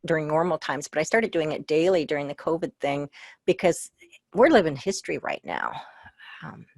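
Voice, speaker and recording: A middle-aged woman with a lowish voice leads a casual webinar for librarians over a video call, speaking from personal experience with frequent "um" and light humor. The sound is dry and close, with no room echo. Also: sing-song, moderate pace, creaky, darkish tone. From Iowa.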